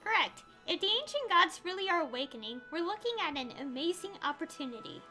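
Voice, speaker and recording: A woman's voice: very high voice, big pitch swings, fairly quick, sharp tone. A woman streaming a game, reading its dialogue aloud with chatty, giggly asides. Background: game music.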